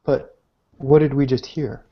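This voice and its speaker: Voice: medium pitch, fairly even intonation, unhurried. A player in a tabletop game asking the game master questions. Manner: inquisitive, questioning. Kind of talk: casual tabletop play. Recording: dull lo-fi recording.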